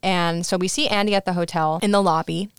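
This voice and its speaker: A woman's voice: on the low side, brisk, clean tone, dry recording, clean studio sound. Chatty young woman recapping a film. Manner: chatty, animated retelling with frequent "like". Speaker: podcast co-host. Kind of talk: casual chat recapping a film.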